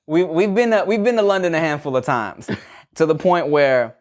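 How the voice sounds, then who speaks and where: A man's voice: on the high side, lively intonation, moderate pace, a little mellow. A man hosting a podcast, telling stories in a laid-back, jokey way with plenty of swearing. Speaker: podcast host. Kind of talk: casual chat.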